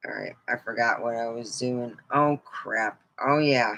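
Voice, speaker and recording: A woman's voice: extremely low pitch, unhurried, fairly bright tone. A middle-aged woman vlogger in rambling, joking casual chat, laughing often.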